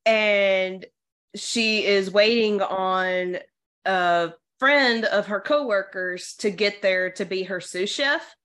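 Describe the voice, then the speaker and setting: A young woman co-hosting a podcast, chatting casually, hesitant with many pauses and laughs. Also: mid-range voice, a bit bright. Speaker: podcast co-host. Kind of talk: casual chat.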